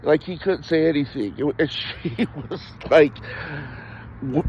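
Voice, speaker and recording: A man's voice: on the high side, moderate pace, pauses often, a little mellow, a little hiss or hum. An adult man talking candidly in casual conversation, rambling and self-deprecating, often laughing and restarting his sentences. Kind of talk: candid personal storytelling in conversation.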